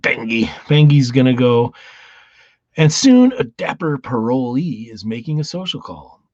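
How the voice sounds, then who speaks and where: A man's voice: medium pitch, big pitch swings, unhurried, a little mellow, no echo. A man casually reviewing comic books in a rambling, profane way with many restarts. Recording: dull lo-fi sound.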